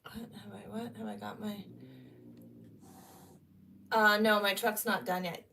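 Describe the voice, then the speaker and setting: A woman's voice: mid-range voice, little pitch movement, gravelly, reverberant, noisy background. A woman vlogging casually from home on a phone camera, chatty and a little foul-mouthed. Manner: chatty, swearing, drawn-out complaining. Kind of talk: casual vlog chat. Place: at home indoors.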